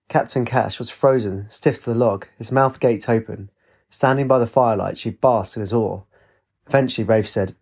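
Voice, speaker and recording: A man narrating a storybook in a steady, expressive reading voice. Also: mid-range voice, normal speed, vocal fry, slightly rough.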